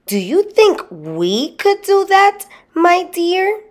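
A woman voicing a tiny, anxious middle-aged wife who frets and pleads in a high voice, in a storybook reading. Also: big pitch swings, slow, heavily acted. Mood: wondering.

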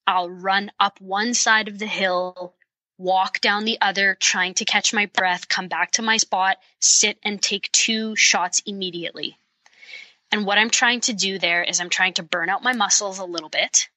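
A woman talks through her training routine on a podcast, practical and enthusiastic. Her voice is bright and forceful. The sound is dry and close to the mic. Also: medium pitch, fairly even intonation, measured pace, no echo, poor audio. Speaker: guest, bowhunter and fitness coach. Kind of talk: podcast interview, explaining tips.

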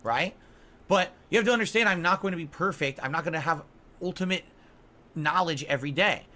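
A man's voice: fairly high pitch, brisk, pushed and bright. A man in his forties, a gaming streamer, ranting defensively and scolding his audience on his podcast stream. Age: 40s.

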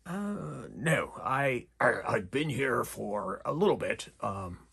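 A man's voice: medium pitch, sing-song, slow pace, gravelly, pushed and bright, husky, exaggerated voice. A man voicing a friendly, rambling male half-orc potion merchant in a tabletop game. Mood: salesy. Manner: eager, rambling salesman.

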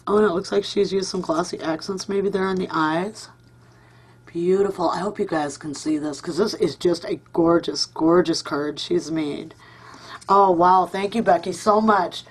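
A woman's voice: fairly low pitch, moderate pace, slightly rough. A woman hosting a casual craft vlog at home, gushing and chatty with lots of ums and uhs. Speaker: crafting channel host.

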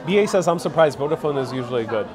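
Animated and quick, this American man speaks with a fairly high pitch while live-streaming from a crowded restaurant on a phone at arm's length. He tastes food and drink and playfully chats with his viewers, addressing them as ladies and gentlemen, over busy crowd chatter.

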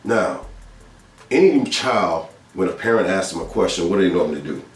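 A very low-voiced man recounts a personal spiritual story in an earnest, repetitive, conversational way. He sounds set back from the mic in an echoey room, with faint music underneath. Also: animated, normal speed, far from the mic. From Georgia, US. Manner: earnest, storytelling with repeated phrases. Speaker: speaker sharing testimony. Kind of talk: casual spiritual testimony.

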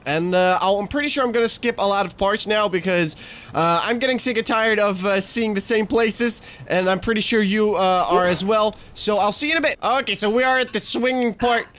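A man hosting a let's play, commenting on his game and getting frustrated, swearing, talking himself down and shouting at the game. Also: sits high, fairly quick. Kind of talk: gaming commentary.

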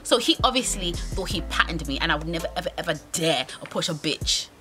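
A woman's voice: on the low side, lively intonation, brisk. Young british girl ranting a storytime, swears loads, bouncy voice, music playing under. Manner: brash, profane, dramatic storytelling. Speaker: vlogger. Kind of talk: storytime vlog rant.

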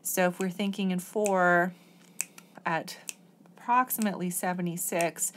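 A woman's voice: fairly low pitch, a little slow, slight background noise. A woman oboe professor explaining an etude step by step in a patient, methodical lesson. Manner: patient, methodical, sings rhythms on syllables.

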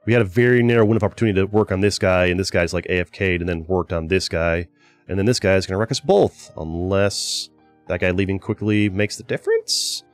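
Low-pitched and fast-talking, this gaming channel host speaks over soft background music through a desk mic. His gameplay commentary is casual and conversational, punctuated by frustrated outbursts aimed at his teammates.

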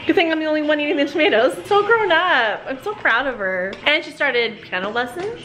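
A woman's voice: sits high, very animated, fairly quick, bright, forceful tone, soft background music. A woman talking in a casual family vlog, chatty and proud, laughing often. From Seattle area, USA. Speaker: vlogger mom.

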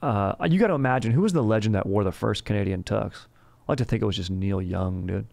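A man hosts a comedic history podcast. His voice is low and gravelly with plenty of fry. He rambles, swears freely and drops slang constantly. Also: quick pace, darkish tone, no echo. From Southern California. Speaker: podcast host.

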